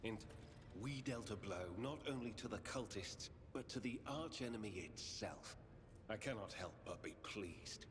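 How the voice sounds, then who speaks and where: A stern game interrogator, formal and measured. The voice sits very low. It rings with a long reverb over a faint hiss. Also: male voice, lively intonation. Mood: grave. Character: stern male inquisitorial interrogator.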